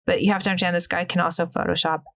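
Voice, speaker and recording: A woman's voice: fairly low pitch, rapid-fire. Candid woman telling her story. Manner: candid, lively, full of "like" fillers and acted-out quotes. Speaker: podcast guest. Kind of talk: personal storytelling.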